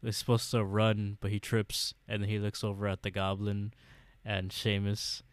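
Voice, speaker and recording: A man co-hosting a podcast, recapping a TV episode in a casual, halting way with lots of fillers and restarts. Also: lowish voice, completely flat delivery, dry recording. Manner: hesitant, many fillers, laughs often. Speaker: podcast co-host.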